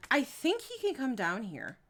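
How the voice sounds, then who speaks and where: A young woman chats with her stream while she plays, giggling often and answering viewers. Her voice sits a little high and swings up and down a lot as she talks. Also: wildly swooping pitch, normal speed, background noise. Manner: giggly, chatty, reads chat aloud. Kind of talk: casual live-stream chat while gaming.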